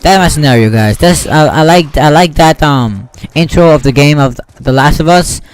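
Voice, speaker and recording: Brief: young-sounding male gaming YouTuber, casual and excitable, slightly high voice, faint background hiss. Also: normal speed. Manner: rambling, excitable, acts out sound effects. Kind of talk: casual storytelling over gameplay.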